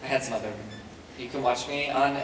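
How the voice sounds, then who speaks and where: A man's voice: medium pitch, steady tone, brisk. A man answering fan questions at a convention panel, rambling and self-deprecating with frequent chuckles. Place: large convention hall. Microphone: handheld mic, heard from a distance. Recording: echoey hall from far off, noisy.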